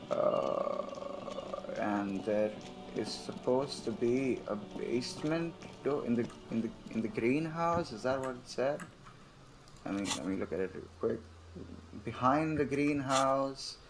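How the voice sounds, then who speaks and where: A young man casually commenting as he plays a video game, thinking aloud in a laid-back, profane way. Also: mid-range voice. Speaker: gamer playing through a game. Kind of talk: casual let's-play commentary.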